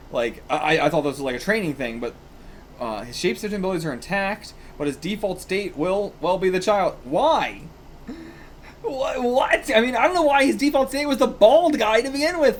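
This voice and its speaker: A man's voice: fairly high pitch, a little hiss or hum. Rambling man reacting to manga. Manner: rambling, swears and laughs often. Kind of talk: casual reaction while reading aloud.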